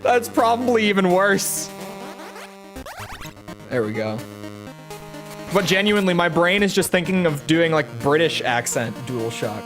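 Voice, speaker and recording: Woman streamer, casual chat, unhurried delivery, keeps correcting herself. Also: on the low side, lively intonation, faint music behind. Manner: rambling, self-correcting, chatty. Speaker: game streamer.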